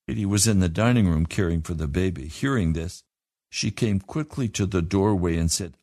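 A man's voice: sits low, moderate pace, a little mellow, no room sound, clean studio sound. A man telling a moral story to children in an earnest storytelling manner.

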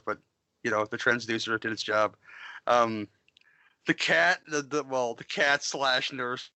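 Bright-voiced man rambling about movies. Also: mid-range voice, level tone, unhurried, dry recording. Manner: rambling, crude, joking, frequent restarts. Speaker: podcast co-host. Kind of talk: casual movie-review chat.

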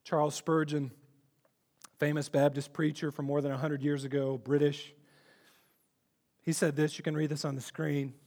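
A man's voice: fairly high pitch, flat delivery, moderate pace, pauses often, a little mellow. A male pastor preaching a sermon, earnest and emphatic, often repeating words as he builds a point.

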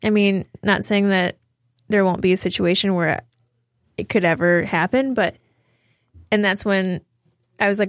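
A woman's voice: mid-range voice, steady tone, a little slow, no echo, clean studio sound. A woman co-hosting a podcast in casual chat, telling stories and acting out what people said. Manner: storytelling, acting out quoted exchanges. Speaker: podcast co-host.

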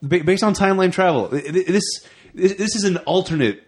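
A man co-hosting a movie podcast, with a voice that moves up and down a lot. He mostly reacts in short bits, then works through his own theory out loud. The talk is loose and unscripted. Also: sits high, expressive, a little fast. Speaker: podcast co-host. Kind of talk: casual movie review chat.

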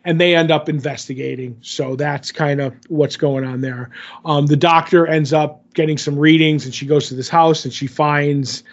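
A man's voice: a little high, steady tone, normal speed, dull audio. A man casually recapping a TV episode in a loose, rambling way, full of fillers. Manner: rambling, filler-heavy retelling. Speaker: podcast co-host.

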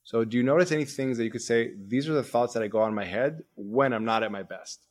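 A man coaching a guest on a podcast, talking fast and with energy. He explains ideas step by step and acts out his own inner thoughts. His voice sits at an ordinary middle pitch. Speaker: podcast host, performance coach. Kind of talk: coaching conversation.

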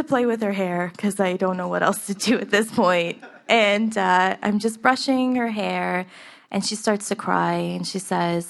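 A woman's voice: mid-range voice, a little slow, creaky. A young woman telling a personal story in the first person, earnest and emotional, laughing at times. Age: young adult.

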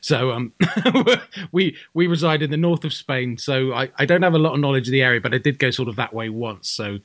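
A man's voice: medium pitch, brisk, a bit bright. Rambling Englishman on a film podcast. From England. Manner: rambling, frequent fillers and restarts, laughs at own stories. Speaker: podcast co-host. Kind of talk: casual film discussion.

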